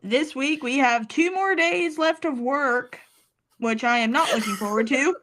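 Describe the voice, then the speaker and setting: A woman chats as a podcast co-host. Her voice sits high. She complains about her week with theatrical, self-deprecating gloom. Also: measured pace, a bit bright, a little hiss or hum. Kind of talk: casual chat.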